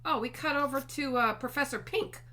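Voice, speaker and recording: A woman's voice: high voice, moderate pace, pushed and bright. Playful giggly female co-host. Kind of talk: casual chat.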